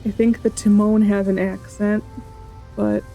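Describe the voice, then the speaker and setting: A woman's voice: medium pitch, flat delivery, unhurried, creaky, warm tone, faint music behind. A woman hosting a gameplay video, chatting casually and thinking aloud as she plays.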